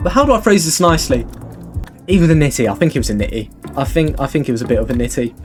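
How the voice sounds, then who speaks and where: A young man telling a casual storytime vlog in an excitable, rambling way, swearing freely. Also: fairly high pitch, quick pace, soft background music. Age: young adult.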